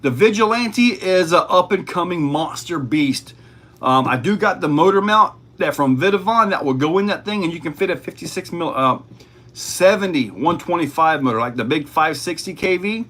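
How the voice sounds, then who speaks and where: A man's voice: fairly high pitch, animated, normal speed, pushed and bright. A man hosting a casual livestream, reading chat questions aloud and answering in a laid-back way.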